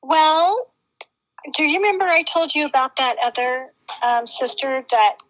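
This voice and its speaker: A woman's voice: sits high, expressive, unhurried, a bit bright. A woman casually recounting an experience to a host, acting out the dialogue as she goes. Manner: chatty, repeats quoted dialogue. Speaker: guest eyewitness. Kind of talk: casual storytelling conversation. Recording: dull lo-fi audio.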